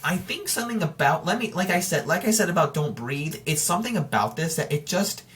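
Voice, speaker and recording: Speaking straight to his listeners, the host rambles in a relaxed, chatty way, restarting and fixing his sentences often. His slightly high voice is expressive, brisk and a bit bright. Some faint background noise can be heard.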